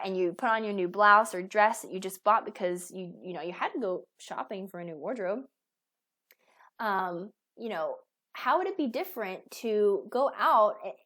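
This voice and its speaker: A woman's voice: mid-range voice, fairly bright tone. A woman in her thirties, a weight loss coach, giving a casual motivational talk full of fillers and restarts. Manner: chatty, with many fillers and restarts.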